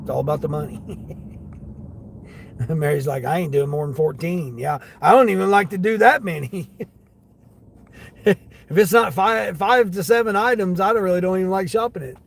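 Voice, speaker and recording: High-voiced man grumbling in his car. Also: moderate pace, gravelly, pauses often, slight background noise. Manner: grumbling, swearing rants at other drivers and customers. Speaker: delivery driver and livestream host. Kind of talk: casual livestream chat while driving. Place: inside a car on the road.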